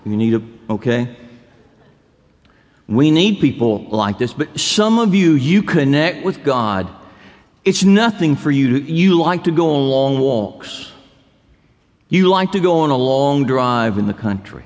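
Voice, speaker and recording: A man's voice: mid-range voice, animated, measured pace, a little mellow. A male pastor preaching a sermon in a church sanctuary, building to emphatic repetition. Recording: long hall reverb.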